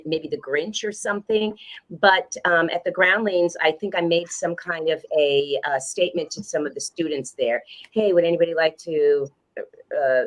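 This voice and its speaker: Older woman, halting fillers. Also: fairly low pitch, sharp tone, rough recording. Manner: hesitant storytelling with many fillers. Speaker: guest, comic actress. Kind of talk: casual chat.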